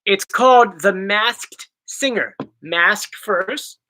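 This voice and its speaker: A man's voice: high voice, takes it slowly. A young man from South Jersey with a South Jersey accent, hosting a casual Q&A chat in a joking, rambling way. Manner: joking, rambling, animated explainer. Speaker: channel host.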